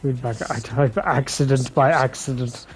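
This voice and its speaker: A man's voice: medium pitch, normal speed. A man doing casual live commentary over a game, bickering and swearing with his chat. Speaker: game streamer. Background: game music.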